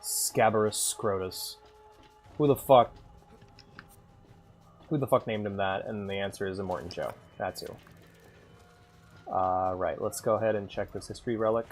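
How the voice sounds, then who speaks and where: A streamer giving casual, excited gameplay commentary, swearing and laughing often. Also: deep voice, measured pace, pauses often, faint music behind. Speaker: game streamer.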